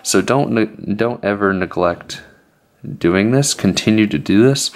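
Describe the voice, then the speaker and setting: A young male fitness vlogger talks straight to his viewers with a deep, low voice. He sounds keen and excited about his subject. He is slightly out of breath as he explains. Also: a little slow. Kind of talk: casual instructional vlog.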